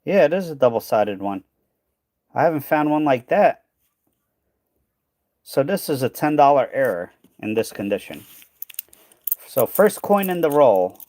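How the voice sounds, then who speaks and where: Sing-song and a little slow, the man's medium-pitched, slightly mellow voice includes long pauses in a dry recording. He's a coin hunting channel host chatting loosely while sorting coins live, his thoughts trailing off as he tires and his voice fades.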